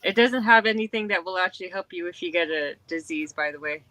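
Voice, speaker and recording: Bright-voiced woman hosting a chatty stream. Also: fairly low pitch, quick pace, dry recording, low-quality recording. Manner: reads odd posts aloud with dry asides and laughs. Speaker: live stream host. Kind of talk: casual chat, reading posts aloud.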